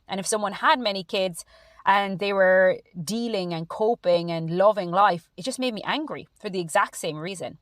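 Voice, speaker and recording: A woman's voice: mid-range voice, normal speed, no room sound, studio quality. Frank woman co-hosting a podcast. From Ireland. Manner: frank, reflective, sometimes swears. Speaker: podcast co-host. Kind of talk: candid personal monologue.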